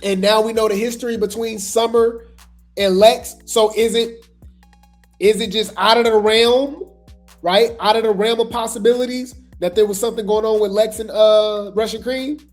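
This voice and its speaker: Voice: mid-range voice, steady tone, normal speed, soft background music. A host giving casual gossip commentary, chatty and trailing off with repeated asides.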